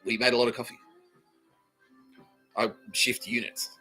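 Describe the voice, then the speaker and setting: A man's voice: medium pitch, level tone, normal speed, sharp tone, soft background music. A young Australian man hosting a podcast, telling a profane comic story and acting out the people in it with frequent laughs. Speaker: podcast host. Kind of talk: comedic storytelling monologue.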